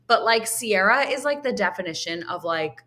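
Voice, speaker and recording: Guesting on a podcast, a young woman talks casually in a medium-pitched voice at a moderate pace. She scatters "like" throughout and brings other people's words to life by animatedly quoting them.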